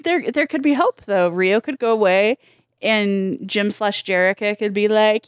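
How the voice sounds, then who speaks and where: A woman's voice: medium pitch, normal speed, smooth, dry recording, studio quality. Thoughtful woman reasoning aloud. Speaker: podcast co-host. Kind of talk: casual chat analyzing a cartoon.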